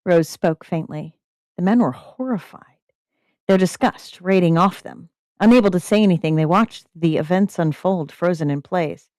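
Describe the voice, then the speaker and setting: A woman hosting a podcast, reading a story aloud in a steady narrating manner. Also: on the low side, measured pace, dry recording. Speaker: podcast host and story reader.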